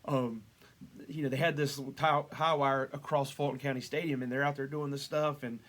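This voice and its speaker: A man's voice: medium pitch, little pitch movement, moderate pace, a bit bright. A man preaching a casual devotional sermon in a conversational way, with frequent restarts and asides, voice lifting for rhetorical questions. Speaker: pastor.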